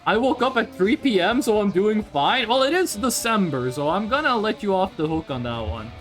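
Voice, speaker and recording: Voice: mid-range voice, animated, normal speed, soft background music. A streamer chatting casually and rambling over gameplay, swearing freely and jumping between topics.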